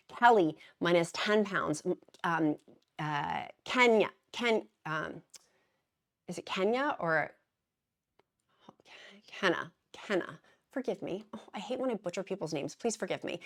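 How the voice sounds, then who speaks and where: Chatty, giggly woman vlogger, lowish voice. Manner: chatty, giggly, warm and encouraging. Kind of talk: casual talk to camera.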